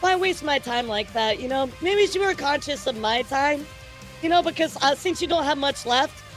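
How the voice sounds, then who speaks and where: A woman with a bright, high voice hosts a casual livestream news segment. She talks loosely to her chat, teasing and laughing often. Soft music plays faintly underneath. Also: animated, moderate pace. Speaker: streamer and news host.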